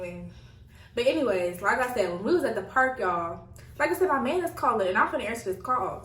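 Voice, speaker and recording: A young woman tells a storytime straight to her viewers. She stays animated, laughs often and keeps breaking in to talk to them. Her voice sits a little back from the mic in a roomy, echoey space. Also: medium pitch, recorded from a distance, slight background noise. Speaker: vlogger. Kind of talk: casual storytime.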